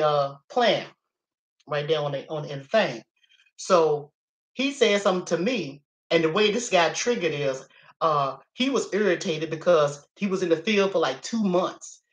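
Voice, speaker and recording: A woman telling a personal story in a casual, animated and profane way, chatting straight to her viewers. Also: sits low. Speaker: livestream host. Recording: roomy echo.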